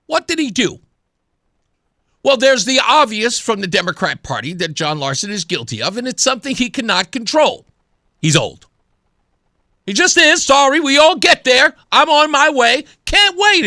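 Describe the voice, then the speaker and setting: A man in his thirties hosts a talk radio show from a radio studio, delivering an opinionated monologue laced with sarcasm and imitated voices. His high voice sounds pushed and bright, recorded cleanly on a studio microphone with no echo.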